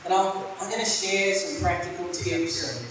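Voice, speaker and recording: A man giving a casual, rambling sermon with a slightly high voice. He talks like a pastor chatting with his congregation, and he often stops and starts again mid-sentence. The recording sounds like a big, echoey church hall picked up from far off, with a faint hiss underneath. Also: steady tone, moderate pace. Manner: rambling, conversational, many fillers and restarts. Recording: echoey room, mic at a distance, faint hiss.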